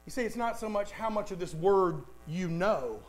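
A man's voice: high voice, animated, normal speed, poor audio. A man preaching a sermon, emphatic, repeating lines for stress and speaking straight to the congregation. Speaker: pastor.

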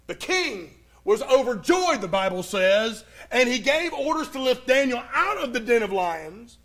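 A man with a very high voice preaches a sermon, telling a Bible story with dramatic pauses. He swings from a raised, urgent voice down to near hushes. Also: sing-song.

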